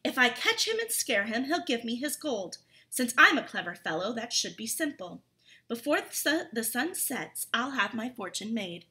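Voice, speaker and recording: Woman doing clever farm boy from a storybook, bold, sweet-talking, bright voice. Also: a little high, sing-song, normal speed. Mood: scheming. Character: clever, scheming young farm lad.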